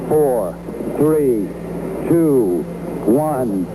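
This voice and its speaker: A man announcing a rocket launch countdown in measured, formal call-outs, heard in a noisy archival broadcast. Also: mid-range voice, expressive. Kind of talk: countdown commentary.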